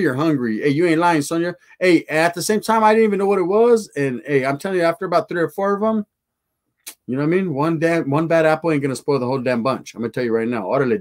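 Man spinning a raw, cussing street tale for viewers, pitched a touch high. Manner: profane, slangy, animated street storytelling. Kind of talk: casual storytelling to a live chat.

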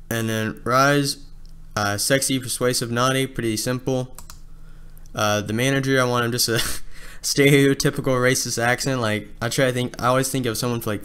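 A man talks through a casting call in a loose, rambling way, often stopping and restarting his sentences. His voice is smooth and clear, sitting at an ordinary pitch for a man. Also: a bit bright. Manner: rambling, many fillers and restarts. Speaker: abridged series creator.

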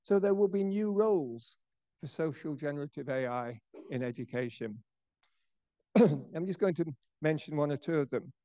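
An older male professor lectures in a measured, explanatory way, his voice a little higher than most men's but mellow and relaxed. The sound is dry and close, with a dull, lo-fi edge to the recording. He tends to let his phrases trail off more quietly. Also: no echo. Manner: measured, explanatory, drops softer at phrase ends. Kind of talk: lecture presentation.

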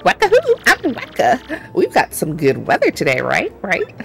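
A woman's voice: medium pitch, wildly swooping pitch, normal speed, creaky, soft background music, voice pushed up. A woman voicing a cheerful small male creature in a game, in a bouncy sing-song manner.

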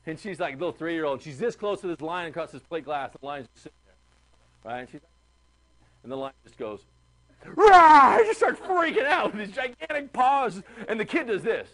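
A man lectures his class in an animated, chatty way, often turning to the students with quick questions. His voice sits a little on the high side. He sounds like he is in a classroom. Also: poor audio. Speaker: history teacher.

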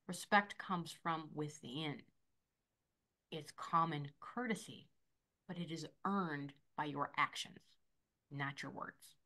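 A woman in her forties, an esthetician and motivational coach, talking in a bubbly, animated way as an interview guest and acting out the voices she quotes. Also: sits low, a little slow. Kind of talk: energetic interview talk.

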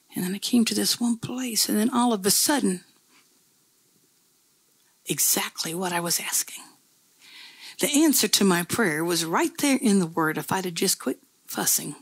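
A woman's voice: medium pitch, husky, no room sound. A woman pastor preaching a sermon in a conversational, folksy storytelling way, with repeated phrases.

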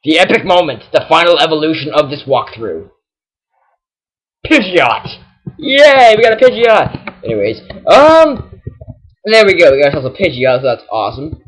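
Excitable young gaming commentator. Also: male voice, on the high side, normal speed. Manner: excitable, exasperated, yells at enemies. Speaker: gaming channel host. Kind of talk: casual let's-play commentary.

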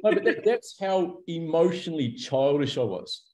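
A man's voice: fairly high pitch, normal speed. A man, a guest in a candid interview, speaking openly and acting out the people in his stories. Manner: animated storyteller, acts out quoted characters.

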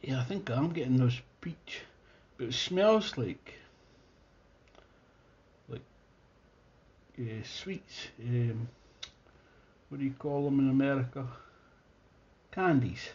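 A man's voice: mid-range voice, slow pace, long pauses, a little mellow, dull audio. A man with a Scottish accent giving a casual, enthusiastic beer tasting review, thinking aloud as he goes. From Scotland.

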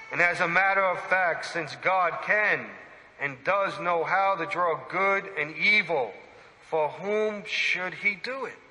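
A man, a priest, preaching a sermon in an animated, emphatic way and putting direct questions to his listeners. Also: fairly high pitch. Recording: long church reverb.

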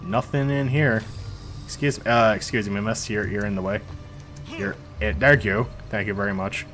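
A young man streaming a game, chatting excitedly, yelling at characters and swearing when things go wrong. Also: lowish voice, moderate pace, soft background music. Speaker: gaming streamer. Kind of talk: live gameplay commentary.

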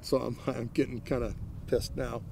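A man's voice: mid-range voice, little pitch movement, moderate pace, vocal fry, noisy background. A middle-aged man from Maine casually telling the story of his encounter in an interview, in a plain-spoken way that keeps repeating "he goes" and "I said.". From Maine, United States. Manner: plain-spoken, retells exchanges with lots of "he goes" and "I said". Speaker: interviewee recounting a police encounter.

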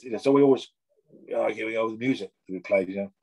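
A middle-aged man from England, chatting as a guest in a lively, animated way, swearing freely and acting out gym conversations. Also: lowish voice, fast, husky, poor audio. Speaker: guest artist. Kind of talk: casual chat.

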